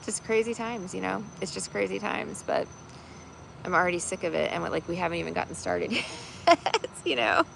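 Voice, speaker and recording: A woman's voice: medium pitch, expressive, moderate pace, gravelly, a bit bright, a little hiss or hum, poor audio. A woman chatting casually on a livestream as a tarot reader host, rambling with many fillers and laughing easily. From United States.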